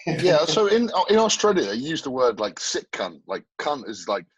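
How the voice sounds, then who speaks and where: A man's voice: fairly high pitch, sing-song, moderate pace, slightly rough. An English man hosting a podcast, chatting casually and swearing now and then. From England. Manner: laid-back, swearing. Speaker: podcast host. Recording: dull echoey room audio.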